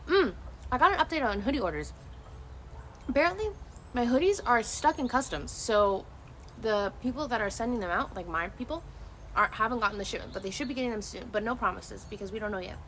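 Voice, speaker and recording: A woman's voice: a little high, fairly quick, slight background noise. A young woman streaming outdoors, talking casually to her viewers in a loose, rambling way that often restarts and swears freely. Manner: rambling and animated, with many restarts. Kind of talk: casual chat.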